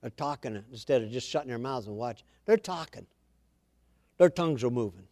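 A man's voice: medium pitch, animated, brisk, a little mellow, no room sound. A man preaching an informal Bible-study sermon, reading scripture aloud and then commenting in a chatty way with asides.

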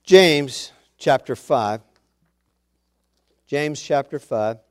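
A man preaching a sermon, reading scripture aloud and swelling louder on the quoted words. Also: medium pitch, expressive, extremely slow, clear, resonant tone.

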